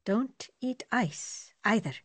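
A woman voicing a grave, formal male army surgeon who speaks in measured tones. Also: a little high, lively intonation, no room sound.

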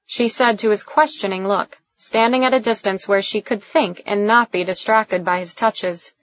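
A woman narrating a romance audiobook in a slow, even storytelling way. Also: mid-range voice, no echo. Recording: dull, lo-fi recording.

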